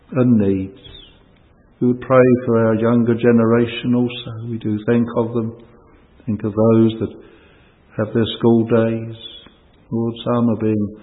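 A man leading a church prayer in a solemn, pleading tone, using old-fashioned thee and thou wording. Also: mid-range voice. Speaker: prayer leader at a church service. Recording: tinny phone-line sound with long hall reverb.

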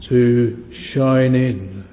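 A man leading a long extemporaneous prayer from the pulpit, solemn and pleading, in old-fashioned thee-and-thou phrasing with long pauses. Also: medium pitch. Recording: phone-like sound with long hall reverb.

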